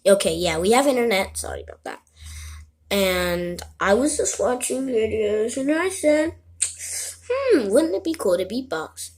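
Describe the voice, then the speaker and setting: A woman's voice: on the high side, animated, unhurried, a little mellow. A woman talking to camera in a casual, rambling way, breaking off her own story and apologizing as she goes. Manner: rambling, self-interrupting, keeps apologizing. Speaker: vlogger.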